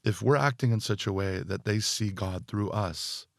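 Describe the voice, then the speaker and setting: Deep gravelly-voiced male guest. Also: normal speed, no room sound, studio quality. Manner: thoughtful, speaks in loose phrases with many fillers. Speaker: guest, musician and spiritual teacher. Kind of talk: reflective podcast conversation.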